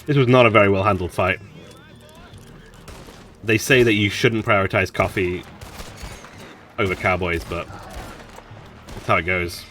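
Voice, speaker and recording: A man's voice: lowish voice, fairly even intonation, moderate pace, pauses often, a bit bright, distant mic. A man casually commenting on his playthrough as a gaming streamer, chatty with mumbled asides. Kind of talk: casual let's-play commentary.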